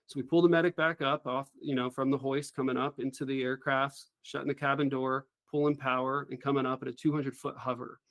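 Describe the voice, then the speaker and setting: A middle-aged man, a former helicopter pilot, telling a story as an interview guest in an earnest, animated way. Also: mid-range voice, fairly quick, hardly any pauses, no room sound.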